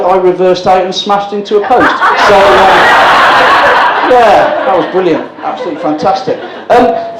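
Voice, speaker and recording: A man in his sixties hosting a live stand-up comedy night, bantering with the audience in a cheeky, sweary way. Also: fairly high pitch. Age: 60s. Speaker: stand-up compere. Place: indoor live comedy gig at a brewery. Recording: echoey room with loud background noise.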